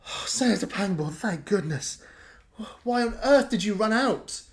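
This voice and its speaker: Man doing a flustered, high-pitched townsman. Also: expressive, unhurried, a little mellow, natural voice. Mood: relieved. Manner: high-strung, fretful exclamations.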